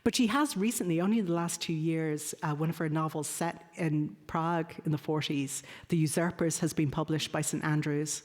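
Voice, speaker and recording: Woman lecturer, lowish voice, halting with fillers, echo of a large hall. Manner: many ums and uhs, self-correcting. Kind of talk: academic lecture.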